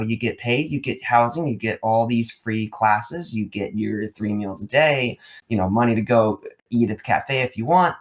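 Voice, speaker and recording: A man retelling a phone call, voicing a brisk, upbeat man offering him a job. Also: medium pitch, lightly acted.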